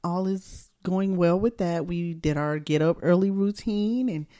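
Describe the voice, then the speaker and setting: A woman's voice: lowish voice, steady tone, measured pace, mellow. A young woman co-hosting a podcast, chatting casually with a playful, teasing manner. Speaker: podcast co-host. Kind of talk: casual chat.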